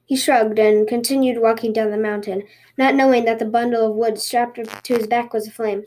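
A woman podcast host reading a folktale aloud in a lively storytelling way. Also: a little high, moderate pace.

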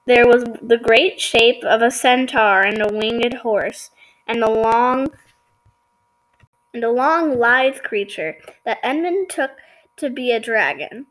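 Higher-voiced woman reading a storybook aloud. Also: slow, a bit bright, rough recording. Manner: stumbles and apologizes for slips. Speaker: reader. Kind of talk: reading a children's book aloud.

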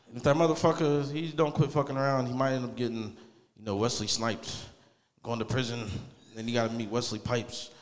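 A man's voice: mid-range voice, steady tone, normal speed. A man doing a rambling, crude open-mic stand-up set in a small comedy club. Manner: rambling, crude and laid-back. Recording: club mic with long reverb.

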